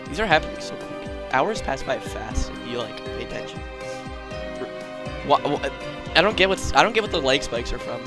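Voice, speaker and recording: A man's voice: mid-range voice, big pitch swings, moderate pace, over music. A man hosting a casual gaming session from home, exclaiming often and grumbling about lag. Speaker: host and gamer.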